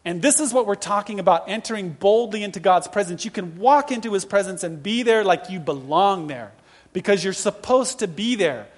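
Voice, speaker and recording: A male pastor in his fifties preaching a sermon with lively, humorous storytelling. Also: sits high, brisk. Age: 50s.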